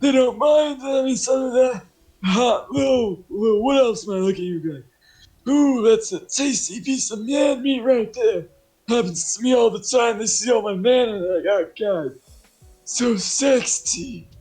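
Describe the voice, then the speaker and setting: A man voicing a lecherous, boastful old man with a cane and a beard, in a flamboyant, high, shouty voice. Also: unhurried, soft background music, poor audio. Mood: leering.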